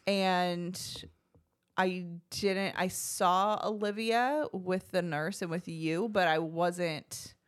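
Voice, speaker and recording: A woman with a fairly low voice tells a personal story in casual podcast talk. She is chatty and animated, and she slips into quoted lines from the people in her story. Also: slow, clean tone. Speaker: podcast co-host telling her birth story.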